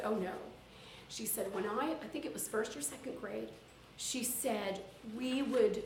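A woman teacher leading a training workshop in an animated, playful way, laughing often and acting out stern classroom lines. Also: a little high, slight background noise. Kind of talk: lively teacher training talk. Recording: echoey room, voice from far off.

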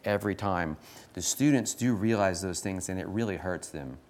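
A middle-aged man, a choir teacher, giving an animated church talk full of stories, laughing often and acting out the exchanges he recounts. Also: deep voice, moderate pace. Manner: animated, self-deprecating, laughs often, acts out quoted exchanges. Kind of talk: sermon-style talk with anecdotes.

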